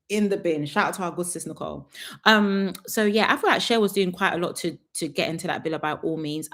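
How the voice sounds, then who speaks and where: A young woman, chatting sassily through a live reality TV review and laughing often. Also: fairly low pitch.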